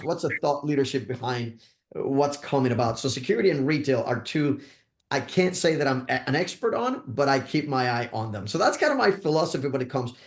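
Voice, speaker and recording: A man's voice: mid-range voice, echoey room. A man from Puerto Rico, a podcast guest, talking thoughtfully and laying out his advice point by point, with many restarts. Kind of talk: podcast interview.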